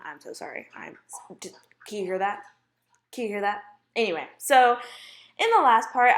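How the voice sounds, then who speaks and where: A young woman gushes through a casual voice-over of her game footage, chatty and excitable, dropping "like" everywhere. Her voice sits in an ordinary middle range. The room around her has a roomy echo. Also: medium pitch. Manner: bubbly, gushing, chatty with many "like"s. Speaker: gaming YouTuber. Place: home room with dogs.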